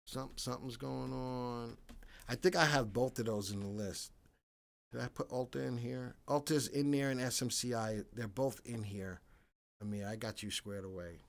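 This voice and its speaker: A man's voice: medium pitch, vocal fry. Chatty man hosting a live stock stream. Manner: chatty, thinks aloud and answers viewers by name; gets loud and excited when reacting to chat. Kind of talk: casual live-stream commentary.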